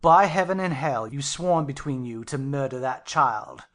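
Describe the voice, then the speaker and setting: A woman's voice: very deep voice, lively intonation, normal speed, pitched below the performer's own voice. A woman growling as a drunken, raging man. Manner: growling, furious. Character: drunken raging man, violent master of the house. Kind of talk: audiobook character voice.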